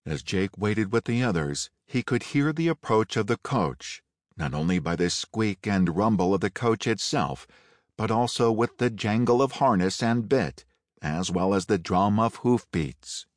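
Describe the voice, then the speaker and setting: A man narrating a Western audiobook in a measured, unhurried storytelling manner. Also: on the low side, lively intonation, no room sound. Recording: dry close studio read.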